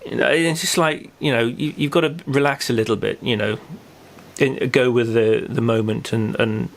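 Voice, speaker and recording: A man's voice: mid-range voice, fairly even intonation, moderate pace. A man hosting a local podcast in casual chat, rambling with many fillers and restarts. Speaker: podcast host.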